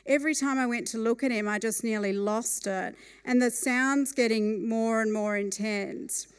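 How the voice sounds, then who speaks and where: A woman tells a comic story on stage in a wry, lively way. Her voice sits slightly high and comes across smooth and clear. She keeps the telling animated and amused. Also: moderate pace.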